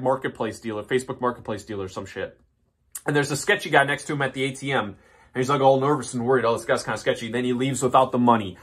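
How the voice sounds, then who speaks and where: Guy with a slightly high voice trashing someone in a sweary rambling rant. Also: fairly bright tone. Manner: mocking, profane, sarcastic; rambling with restarts. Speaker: commentary YouTuber. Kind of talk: ranting commentary.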